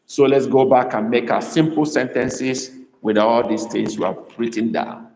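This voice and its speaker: A man's voice: medium pitch, fairly even intonation, normal speed, a little mellow, slight background noise. A man teaching a live online language lesson, who repeats phrases and coaxes his students to answer. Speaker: language tutor. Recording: echoey room with long reverb.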